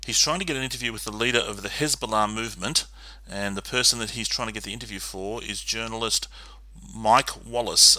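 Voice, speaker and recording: Lowish bright-sounding guy going through a movie plot scene by scene, dry close mic. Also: no echo. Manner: steady, methodical recapping with filler ums. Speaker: podcast co-host. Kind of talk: casual film discussion and plot recap.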